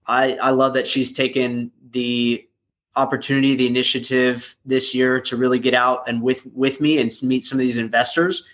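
A man's voice: mid-range voice, fairly bright tone, muffled recording. A man co-hosting a podcast, talking casually and heaping praise on his colleague. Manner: enthusiastic, full of praise. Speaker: company leader, podcast co-host.

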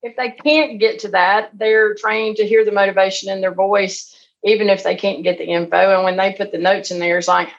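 A woman, a guest on a business podcast, talking in a chatty, animated way and acting out phone calls. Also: medium pitch, fairly quick, lo-fi sound. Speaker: real estate investor guest. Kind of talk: conversational interview.

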